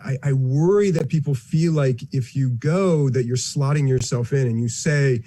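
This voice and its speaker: A man's voice: mid-range voice, moderate pace, dark tone, slight background noise. A man in an interview, talking about engineering and the future with earnest enthusiasm. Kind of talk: interview answers.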